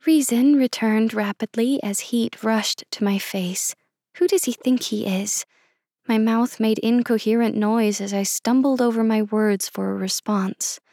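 A woman narrating first-person fiction in a measured, expressive reading style. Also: on the high side, dry recording, clean studio sound. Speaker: audiobook narrator.

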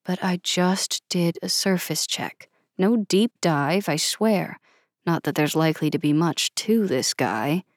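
A cocky young man with a low, smug drawl, as a woman narrator puts him on. He takes his time, teasing and guarded. The voice sits close and dry, with no room around it. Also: lively intonation, unhurried, darkish tone, no echo.

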